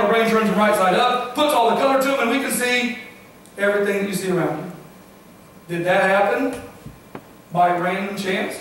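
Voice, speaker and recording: A middle-aged man, a guest speaker, gives a lively science talk to a congregation and keeps quizzing them with "okay?" and "right?". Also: high voice, a little hiss or hum. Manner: questions the audience often, with frequent "okay?" and "right?". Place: church hall. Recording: very echoey hall, from far off.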